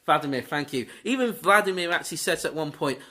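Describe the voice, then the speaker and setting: A man in casual podcast chat, his voice swinging widely up and down as he rattles on about films. He talks in a loose, chatty way and slips into quick silly voices when quoting. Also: on the high side. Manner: lively, chatty, slips into goofy quoted voices. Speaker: podcast co-host. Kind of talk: casual movie debate chat.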